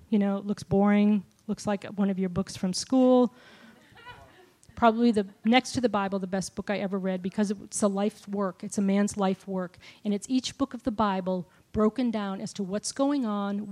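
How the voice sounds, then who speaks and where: A middle-aged woman giving a personal testimony sermon, telling a story with lively shifts and dropping to a whisper for quoted lines. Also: medium pitch, moderate pace. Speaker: speaker at a church gathering.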